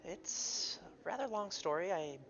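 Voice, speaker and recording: Polite male player, lively tone, dull lo-fi recording. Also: high voice. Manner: polite, measured. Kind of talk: in-character tabletop role-play. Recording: dull lo-fi mic.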